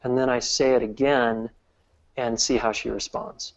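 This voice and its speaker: A man's voice: mid-range voice, little pitch movement, measured pace, lo-fi sound. A man guesting on a podcast interview, talking earnestly and explaining step by step with frequent restarts. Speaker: guest relationship expert. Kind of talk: casual interview talk.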